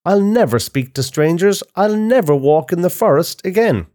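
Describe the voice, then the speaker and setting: A man voicing an innocent, curious little girl in a storybook, in a high, wide-eyed voice. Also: expressive, moderate pace, warm tone. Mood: tearful.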